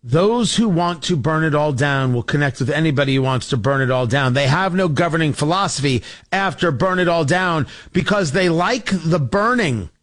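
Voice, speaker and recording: A talk radio host delivers an impassioned, sarcastic political monologue in a high voice. His pitch leaps and dives all over the place as he presses his points, and he is fiery and cutting throughout. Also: lively intonation, normal speed, hardly any pauses, a bit bright.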